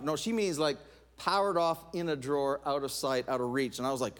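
A man's voice: mid-range voice, fairly quick. A middle-aged male pastor preaching a sermon, telling stories with playful asides. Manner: animated storytelling with asides and laughs.

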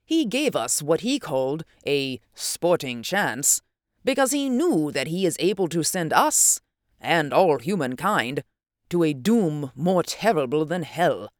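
A grave old scientist, as the reader puts him on in a storybook reading, measured and musing, weighing each line. The sound is dry and close, without room echo. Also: medium pitch, big pitch swings. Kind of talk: audiobook character reading.

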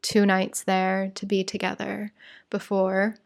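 A woman's voice: mid-range voice, completely flat delivery, takes it slowly, vocal fry. An American woman hosting a podcast, telling a personal story in a rambling, chatty way, full of "like" and "you guys". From United States. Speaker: podcast host.

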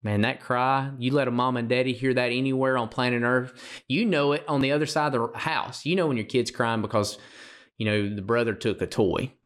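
A man talks earnestly on a faith podcast, half chat and half sermon. He often restarts a phrase, doubling the first word before going on. His pitch sits in an ordinary middle range. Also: fairly even intonation, brisk. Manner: earnest, repeats words at starts; emotional, gets choked up. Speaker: podcast co-host. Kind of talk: preaching-style podcast talk.

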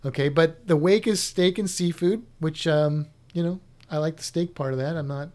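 A woman's voice: sits low, normal speed, darkish tone. A woman co-hosting a casual chat, rambling and playful, trailing off mid-sentence. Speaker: podcast co-host.

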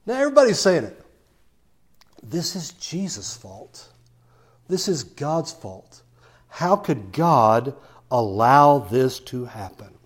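A man's voice: on the high side, very animated, slow, long pauses, husky. A man preaching a sermon, telling a Bible story and acting out the quoted lines as he goes.

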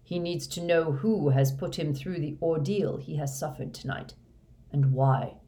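Female narrator as an old commanding male wizard, low, curt, measured. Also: dark tone. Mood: cold command. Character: ancient male headmaster wizard, cold, commanding.

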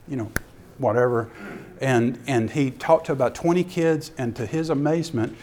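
A man giving a sermon-style ministry talk as an animated storyteller who acts out scenes. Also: mid-range voice. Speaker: ministry speaker.

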